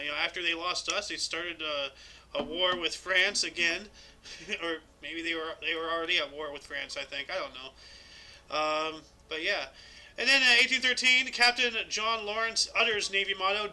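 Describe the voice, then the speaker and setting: Bright-voiced chatty man, high pitch. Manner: rambling, filler-heavy, chuckling. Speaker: podcast host. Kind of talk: casual group chat reading history dates.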